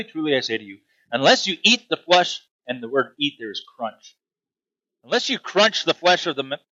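A man preaching a sermon, emphatic, swinging from loud declarations to hushed asides. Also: medium pitch, no echo, dull audio. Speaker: pastor.

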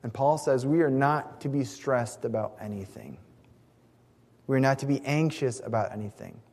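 A pastor delivers a sermon earnestly and emphatically, leaning on key words and occasionally starting a phrase over. His voice is medium in pitch, a little mellow, and runs at normal speed. A long hall reverb surrounds the recording.

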